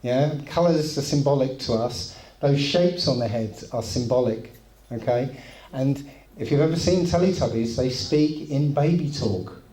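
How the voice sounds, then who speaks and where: A man's voice: medium pitch, unhurried, warm tone. A man giving a lecture in a casual, conversational way with frequent asides. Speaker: presenter. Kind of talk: lecture presentation. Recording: echoey room.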